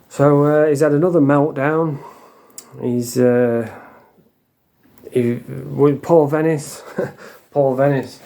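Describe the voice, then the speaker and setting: A man's voice: fairly high pitch, dark tone. A man ranting in a crude, mocking vlog, laughing at his own jokes. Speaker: online commentator.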